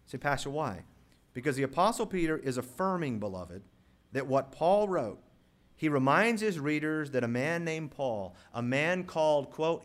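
A man preaching to his congregation in a church, his voice sitting a bit high for a man. He reads scripture slowly and deliberately, then rises in pitch and volume as he presses his points home. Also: animated. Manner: emphatic preacher, rising loud on key words, slows to read scripture. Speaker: pastor. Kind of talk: sermon with live props.

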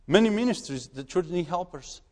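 A man who is a missionary preaching in a church, halting and repeating words as he urges the congregation. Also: high voice, expressive, a little mellow, long reverb tail. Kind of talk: sermon.

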